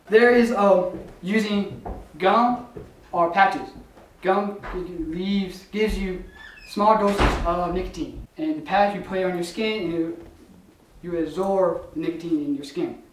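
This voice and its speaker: A young man presenting facts in an amateur comedy sketch, stumbling as he half-reads from notes. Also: high voice. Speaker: guest presenter. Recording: echoey room with the camera far off.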